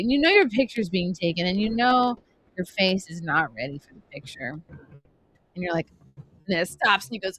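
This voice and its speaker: Lively woman reacting to a ride video. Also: fairly low pitch, moderate pace. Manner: animated, dramatic, quotes her own thoughts in silly voices. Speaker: podcast host. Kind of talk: live reaction commentary.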